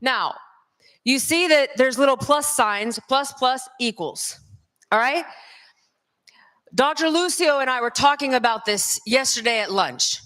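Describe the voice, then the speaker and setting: Bright-voiced Southern woman lecturing. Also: high voice, unhurried. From North Carolina. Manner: lively, addresses the crowd directly. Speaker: conference speaker. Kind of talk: lecture to a conference audience. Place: large conference hall. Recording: long hall reverb.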